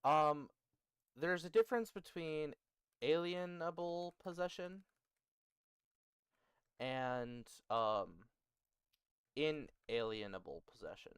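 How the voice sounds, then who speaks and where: A male streamer with a smooth, clear voice and a slow, easy pace talks his chat through grammar. He jokes and laughs with them as he goes. The sound is dry and close, with no room on it. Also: on the high side, expressive, dry recording. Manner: jokey, bantering with chat, laughs often. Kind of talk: casual livestream teaching about building a language.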